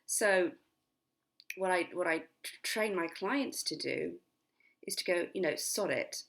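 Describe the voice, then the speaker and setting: A middle-aged woman hypnotherapist giving a chatty self-help lesson, at times dropping into a slow, sleepy, whispered demonstration voice. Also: lowish voice, gravelly, fairly bright tone. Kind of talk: casual spoken self-help lesson to camera.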